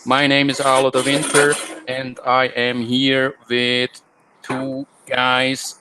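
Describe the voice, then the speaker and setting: A man's voice: medium pitch, monotone, slow pace, background noise. A man hosting a live online talk show, delivering a combative, rambling monologue full of fillers. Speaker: host.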